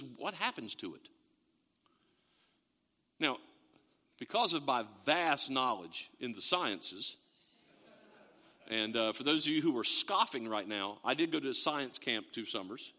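Animated, bright-voiced man preaching in a hall. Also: mid-range voice. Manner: animated, rising emphasis on quoted scripture. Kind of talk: sermon.

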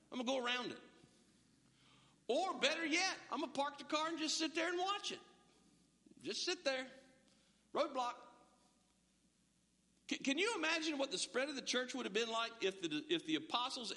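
A man's voice: extremely high pitch, bright, forceful tone, long reverb tail. A male pastor preaching an emphatic, streamed sermon, full of rhetorical questions and stammered restarts. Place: church, large hall, streamed.

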